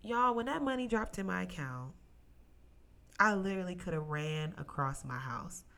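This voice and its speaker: A woman's voice: lowish voice, normal speed. A young woman hosting a solo podcast, telling a personal story with emotion, close to tears at times, and calling her listeners "y'all". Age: young adult. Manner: emotional, near tears, testimony-like; animated, addresses listeners as y'all. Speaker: podcast host.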